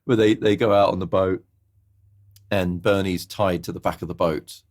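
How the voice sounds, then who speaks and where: A man's voice: low-pitched, steady tone, normal speed, darkish tone. A man co-hosting a film podcast in casual chat, retelling movie scenes. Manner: recounts scenes with exaggerated character impressions. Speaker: podcast co-host.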